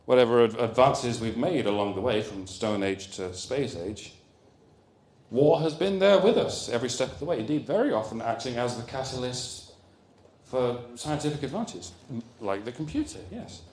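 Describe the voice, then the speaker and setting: Animated man giving a comic lecture. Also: mid-range voice, moderate pace. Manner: animated, jokey, rambling asides. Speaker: comedian giving a conference talk. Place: conference hall. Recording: roomy hall echo.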